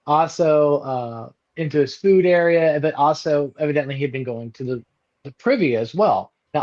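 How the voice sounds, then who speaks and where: A man telling a camping story in casual chat, acting out the people he quotes. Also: lo-fi sound. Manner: animated, acts out quotes with big pitch jumps. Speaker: podcast guest.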